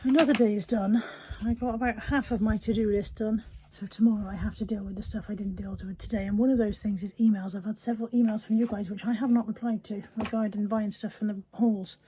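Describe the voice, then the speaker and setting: A woman's voice: medium pitch, steady tone, fast talker, few pauses, warm tone, slight background noise. A woman chatting casually to camera in her home kitchen, self-deprecating and often dropping to a near whisper. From England. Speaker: vlogger. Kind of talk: casual daily vlog chat.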